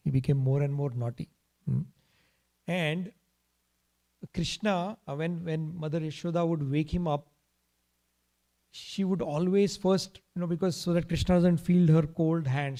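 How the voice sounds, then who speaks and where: A man's voice: a little high, warm tone. A man telling a devotional story in a temple class, in a casual way with frequent restarts. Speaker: speaker giving a scripture class. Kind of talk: storytelling sermon. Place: temple hall.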